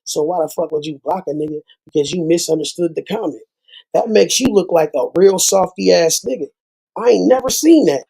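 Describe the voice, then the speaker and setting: Man, channel host, fired-up profane rant with rhymes; gravelly, husky, high for a man. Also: dark tone, rough recording. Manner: heated, profane, rhyming asides. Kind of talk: ranting monologue to viewers.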